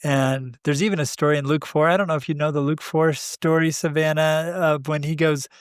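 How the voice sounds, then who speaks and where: A man co-hosting a podcast, talking through spiritual ideas in a thoughtful, unhurried way with frequent pauses. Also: a little high, fairly even intonation, clear, resonant tone, no echo, studio quality. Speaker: podcast co-host. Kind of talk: reflective spiritual conversation.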